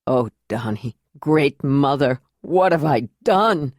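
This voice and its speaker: A woman's voice: sits low, very animated, takes it slowly, darkish tone, dry recording, studio quality, voice pushed down, heavily acted. A woman doing an anguished remorseful man. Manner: anguished, pleading. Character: Jondalar, grown man, remorseful, panicky lover. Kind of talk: audiobook character reading.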